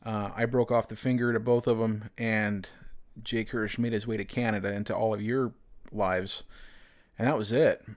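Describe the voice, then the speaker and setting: Rambling storytelling man, lowish voice. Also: steady tone, normal speed. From United States. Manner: rambling, heavy use of "you know" and "man". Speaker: podcast host. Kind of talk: casual storytelling.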